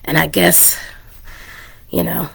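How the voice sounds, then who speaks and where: A woman's voice: lowish voice, level tone, slow, gravelly, fairly bright tone, breathy edge. A woman hosting her own podcast in casual, candid chat, laughing often and a little under the weather with a cough, speaking into a turned-down microphone. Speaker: podcast host. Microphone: microphone turned down low.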